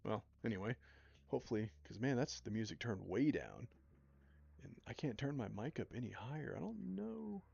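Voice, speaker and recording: Mumbly low-voiced man streaming over music. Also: a little fast, creaky, slightly rough, muffled recording. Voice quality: mumbly, low-key delivery. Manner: relaxed, rambling, thinks out loud. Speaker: live-stream host drawing fan art. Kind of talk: casual live-stream chat while drawing. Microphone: desktop streaming mic. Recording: music playing loudly behind voice.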